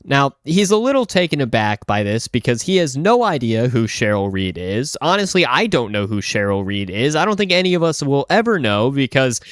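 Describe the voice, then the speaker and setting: Animated young-sounding man telling a story. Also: mid-range voice, normal speed, hardly any pauses, dry recording, clean studio sound. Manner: chatty, lots of "like", animated asides. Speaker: storytime narrator. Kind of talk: casual storytime narration.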